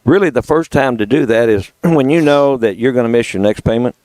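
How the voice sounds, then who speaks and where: A man's voice: medium pitch, brisk, darkish tone, no room sound, poor audio. A man, a guest adviser on a radio talk show, explaining foreclosure steps in a plain, matter-of-fact way. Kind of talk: casual radio chat. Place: radio studio.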